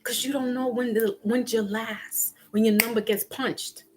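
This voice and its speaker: A woman vlogger giving a casual spiritual pep talk in an animated, slangy way, acting out little quoted exchanges. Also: fairly high pitch, unhurried, background noise.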